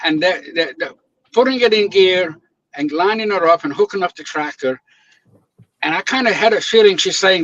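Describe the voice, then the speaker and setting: Guy telling stories on a stream, kinda high voice, acts out quotes, muffled dry audio. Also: moderate pace, dry recording. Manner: animated storyteller, acts out quotes, laughs often. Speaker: guest videographer. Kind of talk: casual chat, storytelling. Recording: dull lo-fi dry sound.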